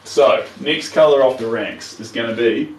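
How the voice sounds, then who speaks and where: A man's voice: mid-range voice, normal speed, far from the mic, a little hiss or hum. Chatty Kiwi man in roomy studio. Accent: New Zealand. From New Zealand. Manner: chatty, talks to viewers, trails off while working. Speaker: artist streaming live. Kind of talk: casual live-stream chat while painting. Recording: roomy, mic set back from speaker.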